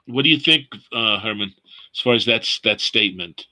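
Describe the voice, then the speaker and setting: Bright-voiced man leading scripture study. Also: lowish voice, expressive, rough recording. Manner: explains word meanings slowly, repeating phrases. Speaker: Bible study leader. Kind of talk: teaching a scripture study session.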